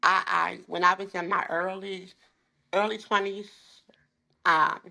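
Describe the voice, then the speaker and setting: A woman in her forties, a life coach, speaks with a bright, tense tone and a gravelly fry at the edges. She talks with emphatic, heartfelt conviction about her faith. Now and then she seems close to tears. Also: mid-range voice, fairly even intonation, a little slow. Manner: emphatic and heartfelt, sometimes holding back tears. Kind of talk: candid faith-filled interview talk.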